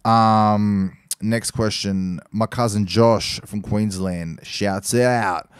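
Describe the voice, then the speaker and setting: A man's voice: lowish voice, steady tone, very slow, clean tone, dry recording, clean studio sound. A young man hosting his own podcast, talking casually and off the cuff, swearing freely, with restarts and fillers as he rambles through listener questions. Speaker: podcast host. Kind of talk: casual solo podcast monologue.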